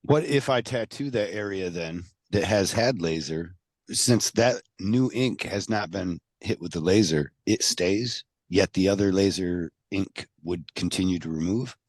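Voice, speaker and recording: A man's voice: low voice, measured pace, no room sound. A man hosting a casual podcast chat, asking follow-up questions and joking around. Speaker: podcast host.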